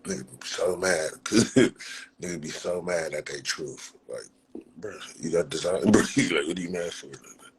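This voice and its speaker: A man's voice: deep voice, measured pace, slightly rough, rough recording. A young man talking loosely on a phone livestream, full of street slang and profanity and breaking into laughter often. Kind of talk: casual livestream chat.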